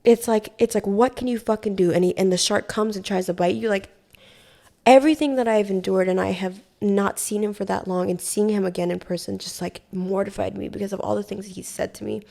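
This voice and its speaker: Young woman from Hawaii, podcast guest, vocal fry, swearing, animated, says "like" constantly. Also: mid-range voice, a little fast. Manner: profane, animated, heavy use of "like". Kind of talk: casual storytelling interview.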